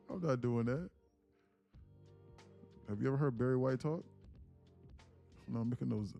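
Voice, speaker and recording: A man's voice: medium pitch, gravelly, warm tone. Laid-back joking man on a livestream. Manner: joking, playful, slangy, often puts on a voice. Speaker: livestream trading host. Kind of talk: casual livestream chat.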